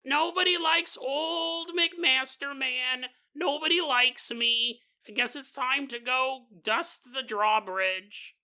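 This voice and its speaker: High, wailing old servant ghost, self-pitying, with a deliberately awful British accent. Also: male voice, expressive, sharp tone, full character voice. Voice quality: bad fake British accent, moaning. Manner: complaining, wailing. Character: whiny old hunchbacked male servant ghost.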